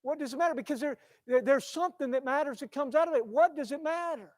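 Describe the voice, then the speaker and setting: Impassioned high-voiced male preacher. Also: fast, no echo. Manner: impassioned, swings from loud to hushed, repeats phrases. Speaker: pastor. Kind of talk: sermon. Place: church.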